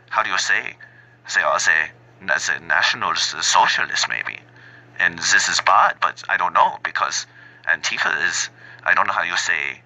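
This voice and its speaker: A man putting on a bumbling, halting German accent, playing an overly polite German man who keeps searching for his words. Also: low voice, bright, forceful tone, heavily acted, poor audio. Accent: put-on German.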